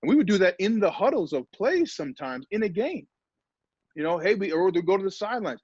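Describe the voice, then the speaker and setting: A former pro football player speaking energetically and emphatically in a motivational talk over a video call. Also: male voice, sits high, brisk, slightly rough, no echo. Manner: energetic, emphatic, acts out quotes. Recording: dull lo-fi video call audio.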